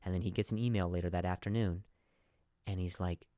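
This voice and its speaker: Telling a comedy bit on his podcast, a man keeps restarting and repeating words, playing the bosses and workers he quotes in shifting voices. He speaks briskly in a low, dark, fairly even voice, with studio-quality sound and no echo.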